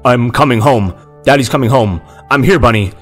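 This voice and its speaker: A man voicing an entranced father who talks slowly and sluggishly, breaking into tearful shouts. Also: sits low, little pitch movement, smooth, soft background music. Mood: ecstatic. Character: male father figure, dazed, then ecstatic.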